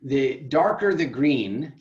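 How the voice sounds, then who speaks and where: Animated man coaching on an echoey call. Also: mid-range voice, slow pace. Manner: emphatic, teasing, swings from loud to soft. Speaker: program founder and call host. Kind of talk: animated coaching talk on a group video call. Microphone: video call. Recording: echoey room, dull lo-fi sound.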